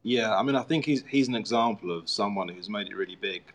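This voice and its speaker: A man's voice: on the low side, quick pace, fairly bright tone. A man, an author, chatting casually and rambling with self-mocking jokes, many fillers and restarts. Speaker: author, guest. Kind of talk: casual chat.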